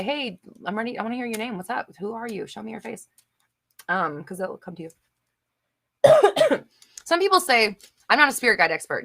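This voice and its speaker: A young adult woman, host of a live manifestation Q&A, speaks in a voice that sits low and is a bit bright. She works through viewer comments, giving blunt, emphatic answers full of fillers and casual swearing.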